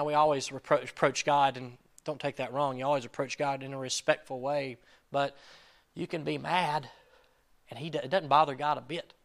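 Reading scripture and dramatizing what its people might say, a man preaches in an easygoing, conversational way with plenty of fillers. As pastor, he has a voice that's a little high and a bit bright.

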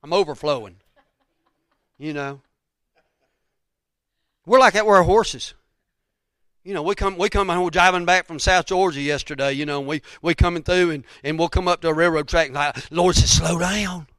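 A folksy preacher, a man, speaking in a fairly high voice. He rambles through his sermon with repeated phrases and asides. The sound is dry and close. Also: moderate pace, pauses often, a bit bright, smooth, dry recording. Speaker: pastor. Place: church sanctuary.

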